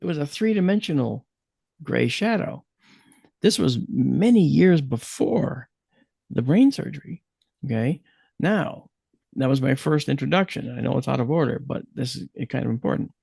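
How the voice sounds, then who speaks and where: Man from the USA, storyteller, gravelly and husky, acts out his quotes. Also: medium pitch, lively intonation, moderate pace, darkish tone, dry recording. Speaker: guest speaker. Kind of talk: storytelling talk.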